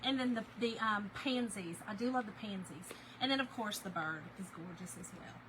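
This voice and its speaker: A woman's voice: medium pitch, normal speed, noisy background. A woman from Kentucky hosting a casual craft live stream, chatting to viewers by name as she works. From Kentucky, USA. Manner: chatty, talks to viewers by name and says y'all.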